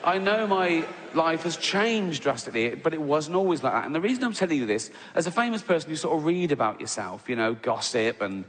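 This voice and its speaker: Telling a story in his stand-up set, a man speaks brisk and very animated with hardly any pauses, his voice fairly high and a bit bright, often ending lines with "right?" and laughing. The setting is a large theatre stage, recorded with live hall reverb and audience sounds.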